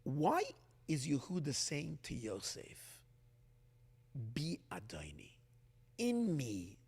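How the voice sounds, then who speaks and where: Male rabbi, impassioned class, lively swings from hushed to loud, reverberant hall. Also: a little high, breathy edge. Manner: animated, voices the body and Earth speaking, swings from hushed to loud. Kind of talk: Torah class.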